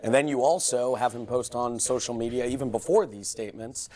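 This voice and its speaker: A male reporter giving broadcast news analysis in a measured, explanatory way, often checking in with "right?". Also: medium pitch, a little mellow.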